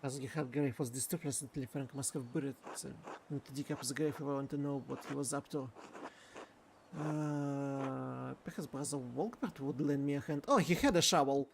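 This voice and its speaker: A man streaming a game, thinking aloud and shouting calls to the characters. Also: medium pitch, normal speed, creaky, background noise. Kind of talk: game let's-play commentary.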